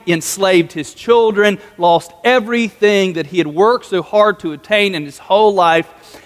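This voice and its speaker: A man preaching a sermon as a pastor in a relaxed, conversational way, with jokey asides. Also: high-pitched. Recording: long hall reverb.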